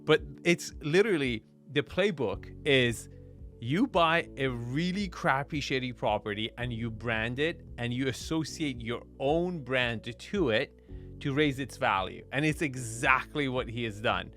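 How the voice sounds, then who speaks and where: A man giving a casual reaction commentary, wry and quick to laugh, often stumbling and restarting mid-sentence. His voice sits at an ordinary middle pitch, with faint music underneath. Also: lively intonation, a bit bright. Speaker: real estate commentator reacting to a video.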